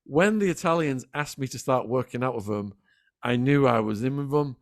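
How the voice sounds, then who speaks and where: A middle-aged man, a podcast guest telling animated stories in a casual interview. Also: medium pitch, no room sound, clean studio sound. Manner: animated, quick anecdotal storytelling. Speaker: podcast guest, former prisoner.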